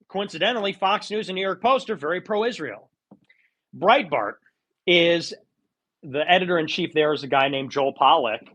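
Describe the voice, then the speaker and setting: Man, fairly high voice, heated argumentative monologue, insistent, live audio chat. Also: pushed and bright. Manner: argumentative and insistent, with mocking put-on quotes.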